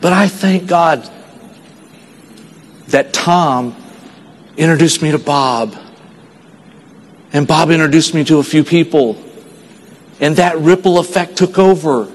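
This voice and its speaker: Man from texas, motivational stage speaker, fairly high voice, earnest storytelling, long hall reverb. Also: takes it slowly, pauses often. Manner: earnest storytelling, dropping quiet for sad moments. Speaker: speaker at a sales convention.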